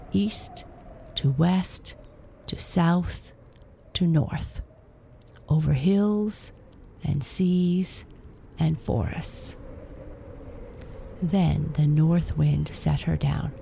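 Slow, gravelly woman storyteller. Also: sits low, dark tone, slight background noise. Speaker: narrator. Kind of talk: storybook narration.

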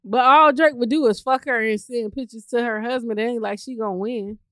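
A woman's voice: fairly high pitch, steady tone, brisk, fairly bright tone, no room sound, clean studio sound. A woman co-hosting a casual podcast, teasing and swearing, laughing often. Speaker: podcast co-host. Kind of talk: casual chat.

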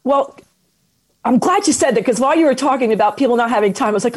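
Expressive woman giving wellness advice. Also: a little high, husky. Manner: expressive, animated, slows down for emphasis. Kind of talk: conversational interview advice.

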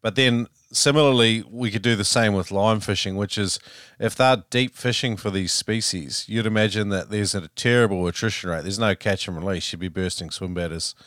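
A man's voice: lowish voice, moderate pace, fairly bright tone, dry recording, clean studio sound. A man hosting a podcast interview, talking in a loose, earnest, conversational way. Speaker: podcast host. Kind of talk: casual interview chat.

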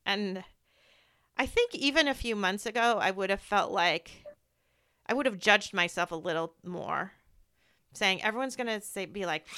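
Smooth-voiced woman hosting a grief talk. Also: mid-range voice, lively intonation, moderate pace, bright, forceful tone. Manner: heartfelt, storytelling, acts out quoted voices. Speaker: medical provider. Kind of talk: candid conversation about grief.

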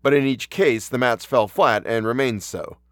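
A man hosting a podcast and reading a horror story aloud in a measured, earnest way. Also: mid-range voice, fairly bright tone, no room sound, studio quality. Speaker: podcast host and audiobook narrator.

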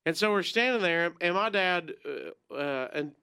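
A man's voice: high voice, measured pace, vocal fry, clean tone, no echo, clean studio sound. A man telling a rambling childhood story in casual chat. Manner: rambling, animated, acts out quoted voices.

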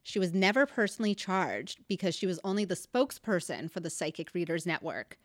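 A woman's voice: fairly low pitch, lively intonation, brisk, dry recording, clean studio sound. A young woman co-hosting a podcast in casual chat, telling a story with asides and laughs. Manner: chatty storytelling, reads out facts with asides and laughs. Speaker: podcast co-host.

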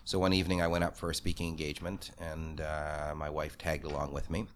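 A middle-aged man with a very low, deep voice tells stories as a podcast guest. He talks loud and fast, with few pauses. His tone stays conversational and engaged. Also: flat delivery, a little hiss or hum. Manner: quick, loud, few fillers. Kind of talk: conversational storytelling.

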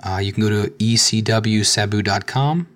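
A man's voice: lowish voice, normal speed. A man hosting a podcast, asking his co-hosts questions and plugging a book. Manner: asks guests questions, plugs a book. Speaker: podcast host. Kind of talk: casual chat.

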